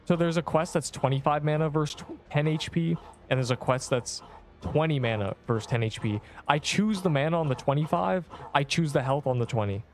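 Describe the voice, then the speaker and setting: A man in his twenties streams a game, answering viewers in a rambling, offhand, slangy way. His voice is a little high and a little fast.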